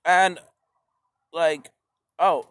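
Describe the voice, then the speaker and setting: A man's voice: fairly high pitch, steady tone, very slow, fairly bright tone, smooth, dry recording, clean studio sound. A man delivering a profane, sarcastic stand-up rant, rambling and swearing often. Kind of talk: profane ranting stand-up monologue.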